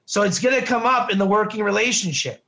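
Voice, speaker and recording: High, gravelly man teaching casually. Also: fast, sharp tone. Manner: conversational, repetitive, asks "right?" often. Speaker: Torah teacher. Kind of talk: informal classroom lesson.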